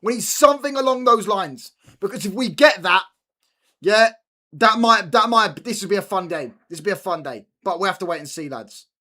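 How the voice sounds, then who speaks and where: A young man with a high-pitched, sharp voice chats casually at a normal speed on a football watchalong stream. He keeps repeating his points and trades slangy banter with viewers in the chat.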